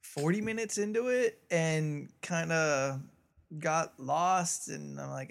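Wisecracking man with a gravelly voice. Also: on the high side, takes it slowly. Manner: wisecracking, short teasing replies. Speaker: podcast co-host. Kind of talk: casual chat.

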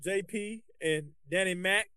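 Man, podcast co-host, high voice, dry close sound, animated casual talk. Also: unhurried, smooth, dry recording. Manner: animated, colloquial, restarts often. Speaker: podcast co-host, basketball coach.

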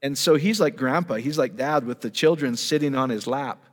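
A pastor delivers a teaching sermon in a church hall, speaking with enthusiasm in a conversational way and firing rhetorical questions at the congregation. His mid-range voice moves at normal speed, with the long reverb of a large hall around it.

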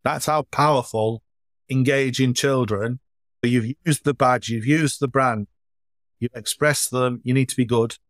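A man, a charity foundation chief executive, telling stories in a relaxed interview and playing out children's voices as he goes. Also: mid-range voice, measured pace, no echo, clean studio sound. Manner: anecdotal, acts out children's voices in his stories.

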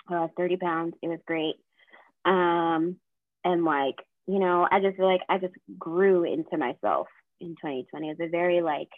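Brief: woman, 20s, from the Southern US, low-ish voice, chatty podcast co-host, tinny dry recording. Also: no room sound. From American South. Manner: chatty, fillers, lively retelling of quotes. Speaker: counseling graduate student. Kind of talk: casual chat.

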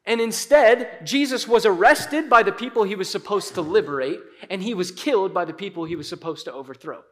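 A pastor preaching a sermon in an animated, conversational way, dropping into dramatic pauses. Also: male voice, sits high.

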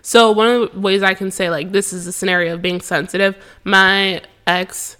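A woman's voice: medium pitch, fairly even intonation, normal speed, sharp tone, clear, resonant tone. A young woman co-hosting a podcast, talking casually with lots of fillers and frequent laughter. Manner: chatty, many fillers, laughs often. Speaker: podcast co-host. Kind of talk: casual chat. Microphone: headphones and mic.

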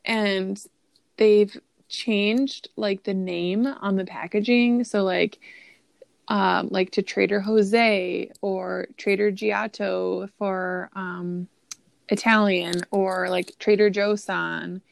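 A woman with a mid-pitched, gravelly voice chats casually. She hedges her thoughts with many fillers and pauses. Her voice is close and dry, with no room sound. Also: steady tone, no echo. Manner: hesitant, full of "like" and "um". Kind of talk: casual chat.

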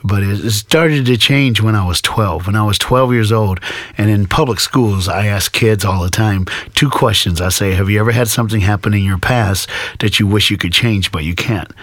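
A man as an interview guest, telling his life story with animated acted-out dialogue. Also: lowish voice, normal speed, dry recording. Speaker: guest speaker.

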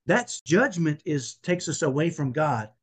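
A man's voice: fairly high pitch, very animated, unhurried, husky. A man speaking as a guest in a faith interview, earnest and emphatic, often repeating himself as he makes his point. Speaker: podcast guest.

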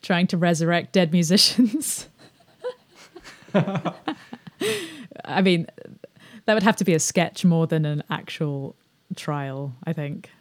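A woman with a somewhat low voice hosts a relaxed podcast chat. She hesitates a lot, restarts her sentences and laughs easily. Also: slow pace, long pauses. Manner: hesitant, laughs often, many fillers. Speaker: podcast host. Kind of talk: casual conversation.

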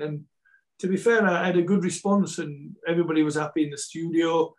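Man, Yorkshire Scottish accent, football coach guest; rambling, self-repeating delivery, a touch high-pitched. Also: fairly even intonation, brisk, poor audio. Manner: rambling with many repeats and restarts. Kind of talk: casual chat, storytelling.

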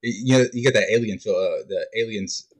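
Easygoing man with a lowish voice. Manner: easygoing, halting, trails off. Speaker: podcast guest. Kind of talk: casual podcast chat.

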